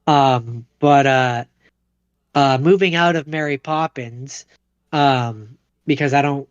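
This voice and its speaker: A young man co-hosting a podcast in casual chat, halting and full of fillers and restarts. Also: mid-range voice, clear, resonant tone, no room sound, muffled recording. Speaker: podcast co-host.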